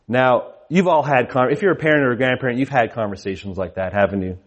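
A man in his thirties preaching at a conference in a medium-pitched voice. He tells homey family stories with self-deprecating jokes. He often stumbles into restarts. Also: fast talker, hardly any pauses. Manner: casual storytelling, frequent restarts, self-deprecating humor. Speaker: conference speaker. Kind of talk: sermon with family anecdotes.

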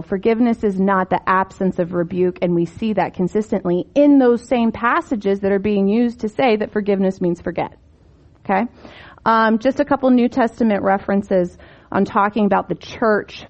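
A woman teaching from the Bible in a relaxed, conversational way, often asking rhetorical questions and lifting her voice to stress a point. The recording sounds a little dull and muffled. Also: mid-range voice.

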